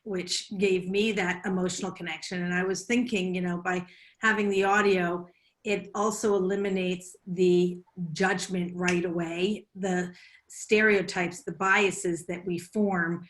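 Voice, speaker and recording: An American woman moderates a panel discussion on a video call. She speaks in an effusive, thankful way. Her voice is lowish and keeps to an even, flat pitch. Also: measured pace. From United States. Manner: warm, effusive, wrapping up with thanks.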